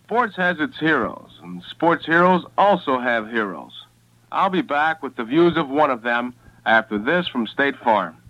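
A man hosting a sports radio segment in a measured, formal, scripted delivery. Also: medium pitch, big pitch swings, sharp tone. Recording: dull lo-fi radio recording.

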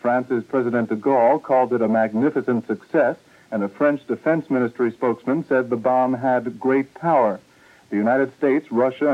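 A man reading the hourly radio news in a steady, formal newscaster manner. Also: mid-range voice. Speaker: news anchor. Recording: tinny old radio broadcast.

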